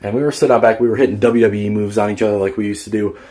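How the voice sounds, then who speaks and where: Low-voiced man rambling through a story. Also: steady tone, racing, dark tone. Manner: rambling, profane, many fillers. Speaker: vlogger. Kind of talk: casual storytelling vlog.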